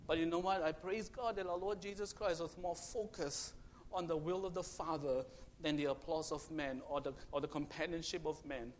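A man preaching a sermon to children, storytelling dramatically and swinging between loud and hushed. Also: a little high, fairly even intonation, moderate pace, slight background noise.

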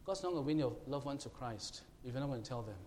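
A man preaching a sermon, emphatic and questioning his congregation, now and then shouting to make a point. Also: mid-range voice, lively intonation, quick pace. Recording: long hall reverb, faint room noise.

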